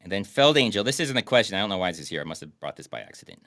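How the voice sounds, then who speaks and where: Lively, bright-voiced man joking around. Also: deep voice, very fast, no echo, studio quality. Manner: joking, animated banter. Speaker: podcast co-host. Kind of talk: casual chat.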